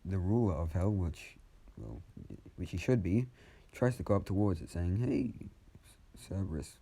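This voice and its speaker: A man improvising a fan story out loud in a casual, rambling way, with many restarts and some swearing. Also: deep voice, expressive, normal speed, husky.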